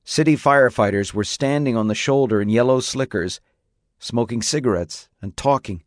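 A man reading an audiobook aloud in a steady, measured narrating style. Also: medium pitch, no echo, clean studio sound. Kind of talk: scripted narration.

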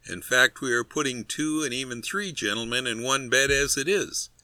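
A man voicing a polite, apologetic male innkeeper in a storybook reading, speaking louder and more formally. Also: medium pitch, moderate pace, dry recording.

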